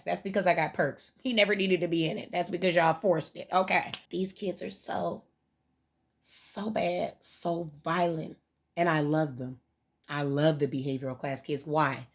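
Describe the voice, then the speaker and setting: A woman in her thirties, a parent, giving an impassioned, emphatic rant to camera, rising to near shouting. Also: mid-range voice.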